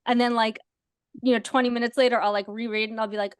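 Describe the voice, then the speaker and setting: Woman, podcast host, casual chat, animated, filler-heavy, a bit high-pitched, dry sound. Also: quick pace, clean tone, dry recording. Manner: animated storyteller, lots of "like" fillers.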